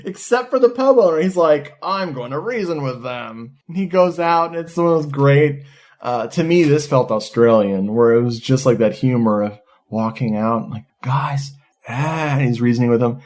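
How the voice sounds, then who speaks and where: A man with an everyday, mid-pitched voice chatting on a movie podcast. He tells the plot in an excited, animated, profane way. His casual manner sounds like talking with a friend. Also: moderate pace. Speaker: podcast co-host. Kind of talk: casual movie review chat.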